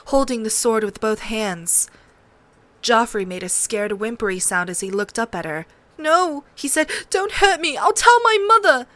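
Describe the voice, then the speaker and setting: A woman reading a fantasy novel aloud as an audiobook, with dramatic, expressive storytelling. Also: medium pitch, dry recording. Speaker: audiobook reader.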